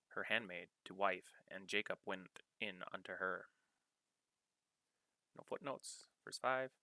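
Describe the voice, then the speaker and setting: A man reading scripture aloud in a measured, deliberate way, pausing to cite study notes and references. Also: on the low side, pushed and bright, no room sound. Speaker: scripture reader.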